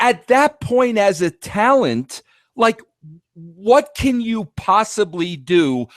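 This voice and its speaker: Man, interviewer, stumbling phrasing, high-pitched, very animated intonation. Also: no room sound, studio quality. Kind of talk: casual interview questions.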